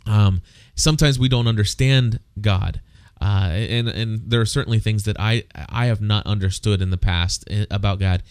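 A man's voice: on the low side, normal speed, smooth, dry recording, studio quality. A man co-hosting a casual faith talk, speaking earnestly and often repeating words as he thinks. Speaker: co-host.

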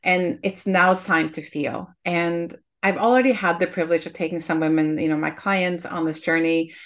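A woman hosts a heartfelt podcast conversation in a fairly low voice. She speaks earnestly and reflectively, often restarting a thought before she finishes it. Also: steady tone, normal speed, highs cut off. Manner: earnest and reflective, with frequent restarts and soft laughs. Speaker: podcast host.

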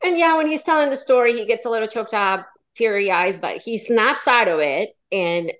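A woman's voice: fairly high pitch, normal speed, few pauses. A young adult woman from Colombia, a podcast guest, chatting casually and animatedly about dating. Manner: chatty, animated, acts out quoted voices. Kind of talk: casual interview chat.

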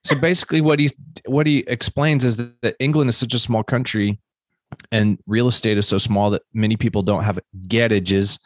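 A middle-aged man from the United States, co-hosting a podcast as an emphatic, animated storyteller. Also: medium pitch, a little fast, no echo, clean studio sound. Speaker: podcast co-host. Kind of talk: casual chat.

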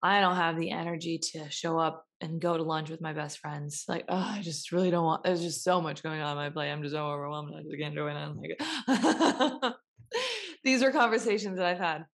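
A young woman giving a casual motivational talk, chatty, acting out everyday scenes with quick voice changes. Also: deep voice. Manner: chatty, acts out little scenes with quick voice shifts.

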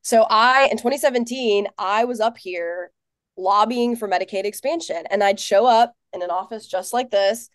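A woman in her thirties from Tennessee, a political organizer telling her story as a guest in an office, earnest and animated with lots of fillers. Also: medium pitch, moderate pace, no room sound, studio quality. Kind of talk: casual interview.

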